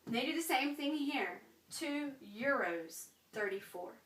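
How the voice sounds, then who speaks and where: A woman's voice: high voice, expressive, measured pace, a bit bright, recorded from a distance. A woman teaching a French lesson in a chatty way, with frequent ums and check-ins of "right?". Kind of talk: classroom lesson. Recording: echoey room, voice from afar.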